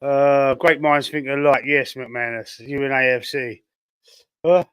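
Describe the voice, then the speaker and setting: A Londoner with a Cockney accent chats casually on a football fan live stream, reading out viewer comments, rambling and thinking aloud with plenty of fillers. He's coughing and sounds a bit choked. His mid-range voice is fairly even, a little slow and somewhat bright, clean-toned in a dry recording.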